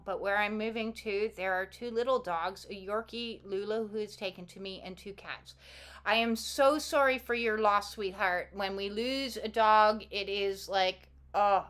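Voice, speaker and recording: A woman's voice: medium pitch, fairly bright tone, clear, resonant tone. A woman hosting a casual live card-reading stream, talking to her viewers in a rambling, playful way with the odd swear word. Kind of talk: casual livestream chat.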